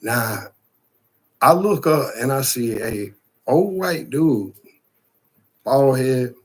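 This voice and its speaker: Husky guy ranting through a crazy story, swearing a lot, mid-pitched. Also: slow pace. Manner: profane, animated retelling of a scary night. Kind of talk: casual storytelling.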